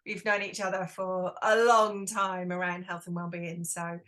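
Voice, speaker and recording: A middle-aged woman, a guest on an interview podcast, animated and playful as she tells stories. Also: on the low side, normal speed. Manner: lively, animated storyteller, playful. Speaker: guest, wellness entrepreneur. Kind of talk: casual interview chat.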